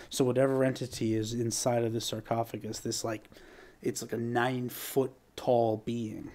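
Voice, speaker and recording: A male game master narrating a tabletop session. He paints scenes in detail and builds suspense at a mid pitch. His delivery is conversational and steady.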